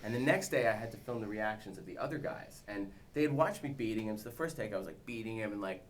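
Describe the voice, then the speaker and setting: Man, 30s, junket interviewee, animated anecdote teller, lowish voice, light background noise. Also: quick pace. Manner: animated storytelling, imitates others for laughs. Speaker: actor and director at a press junket.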